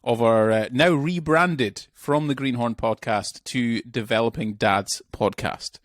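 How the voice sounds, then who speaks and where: A man's voice: medium pitch, a little slow, no room sound, clean studio sound. A man hosting a casual podcast, introducing his guest with rambling, jokey banter. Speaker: podcast host.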